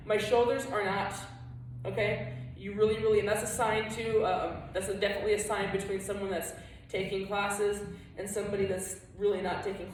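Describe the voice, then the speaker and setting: A woman's voice: mid-range voice, a little hiss or hum. A woman teaching a flamenco dance lesson, chatting encouragingly and counting beats aloud as she claps and moves. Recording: echoey room, voice from a distance.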